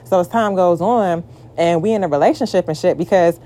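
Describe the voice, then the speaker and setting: A young woman tells a story as a brisk, casual rant, her voice mellow. She swears and sounds exasperated, breaking into shrill mock outbursts.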